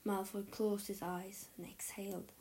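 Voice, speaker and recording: A woman reading a story aloud in a soft, breathy narrating voice. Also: mid-range voice, little pitch movement, a little slow, poor audio. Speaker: audiobook narrator. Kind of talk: reading fan fiction aloud.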